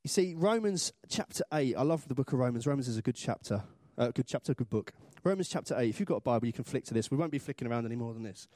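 A man's voice: mid-range voice, lively intonation, quick pace, hardly any pauses, mellow, no echo, clean studio sound. A man from Britain preaching a sermon in church, chatty and self-deprecating, acting out little voices for humor.

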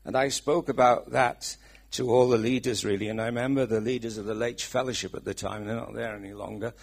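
A man's voice: medium pitch, steady tone, a little fast, gravelly, breathy edge. A middle-aged man with a Welsh accent preaching a sermon, chatty and asking his listeners questions. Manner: chatty, asks the congregation questions.

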